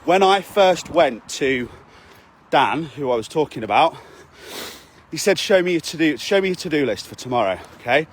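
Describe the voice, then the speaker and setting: A man's voice: fairly high pitch, expressive, moderate pace, a little hiss or hum. A man, a fitness coach, giving a blunt, sweary motivational talk to his camera while out walking, often asking "okay?". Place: outdoors on a walk.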